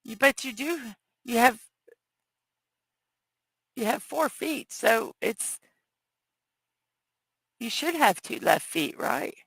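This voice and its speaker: Hoarse, slow-talking woman host. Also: on the high side, very animated, fairly bright tone, no room sound, low-quality recording. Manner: reads viewer chat aloud, chatty and apologetic. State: scratchy, hoarse voice. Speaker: morning show host. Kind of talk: casual livestream chat. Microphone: headphone mic.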